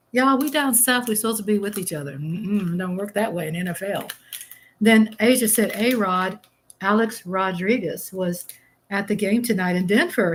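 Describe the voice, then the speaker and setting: A middle-aged woman, chatting casually on a live stream, reading viewer comments aloud and eating as she talks. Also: lowish voice. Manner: chatty and exclamatory, eating while talking. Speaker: livestream host.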